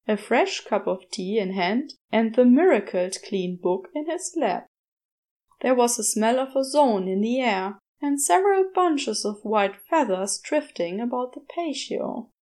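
A woman reading fan fiction aloud as a gentle, expressive storyteller. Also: a little high. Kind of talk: storybook narration.

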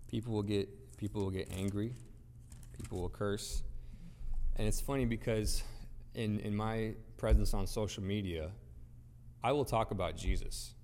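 A lowish, warm male voice holds a steady tone and moderate pace while preaching to an assembled congregation, with a little hiss or hum audible. His delivery is emphatic and rhetorical, building points through repetition and questions. Long reverb from a large hall is heard.

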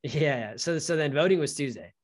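A young man co-hosting a casual chat, telling stories in an animated way and acting out the lines of people he quotes. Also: fairly high pitch, normal speed. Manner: animated storytelling, acts out quoted dialogue. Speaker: podcast co-host.

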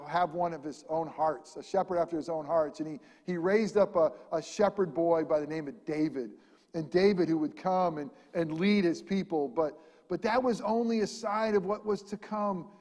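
A man preaching a sermon, animated, swinging between loud emphatic lines and quiet ones. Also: fairly high pitch, in a large hall. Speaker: pastor.

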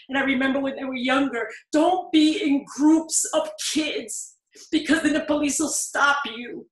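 A woman's voice: high-pitched, normal speed. A middle-aged woman telling a personal story earnestly in an interview, her voice rising in pleading emphasis. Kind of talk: personal testimony in conversation. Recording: echoey room.

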